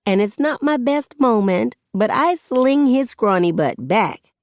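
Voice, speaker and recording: A woman narrating an audiobook in the first person, with relaxed, conversational storytelling. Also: fairly high pitch, a little slow, no echo, clean studio sound.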